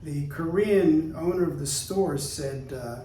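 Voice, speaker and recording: A man in his sixties from the United States, telling stories in a relaxed interview, chatty and laughing easily. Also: on the high side, takes it slowly, a little hiss or hum. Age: 60s. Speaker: guest. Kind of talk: casual interview storytelling. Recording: roomy, distant mic.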